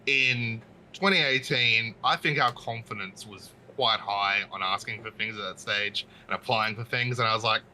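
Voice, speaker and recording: A man who is a podcast guest, telling a story in an animated, casual way with many restarts. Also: lowish voice, moderate pace, hardly any pauses, a little hiss or hum, poor audio.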